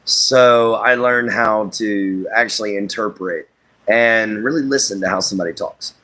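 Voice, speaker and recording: A man's voice: lowish voice, unhurried, pushed and bright. A man hosting a casual livestream, rambling in a folksy way, laughing often as he reads and answers viewer chat.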